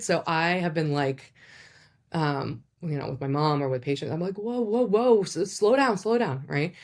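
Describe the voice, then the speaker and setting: Low-voiced woman in casual chatty talk. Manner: chatty, lots of "like" and "right?", animated demonstrations. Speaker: psychologist host.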